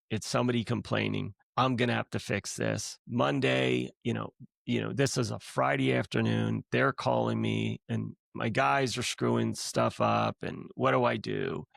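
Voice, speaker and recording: A middle-aged man with a deeply gravelly, fry-heavy voice tells a personal story in relaxed conversation. He talks casually on a podcast and throws himself into acting out what people said. The sound is dry and close. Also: no echo. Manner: lively storyteller who acts out quotes. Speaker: guest, the host's husband.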